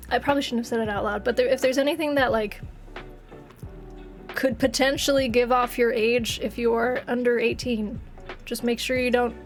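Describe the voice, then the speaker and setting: A woman in her late twenties streaming games, chatting casually and rambling with viewers, laughing often, with a slightly congested, phlegmy throat. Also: on the high side. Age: late 20s. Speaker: game streamer.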